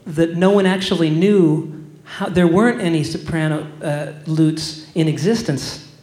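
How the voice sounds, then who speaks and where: A man's voice: a little high, unhurried, a little mellow. A man hosting an interview, easygoing and joking as he asks his guests questions. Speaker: host. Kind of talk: casual interview chat. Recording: echoey room.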